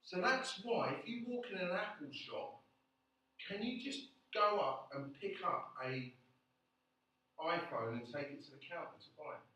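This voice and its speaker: A man giving a classroom lecture, animated, often checking in with the class by asking "yeah?". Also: high voice, a little slow. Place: lecture room. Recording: echoey classroom, distant, dull.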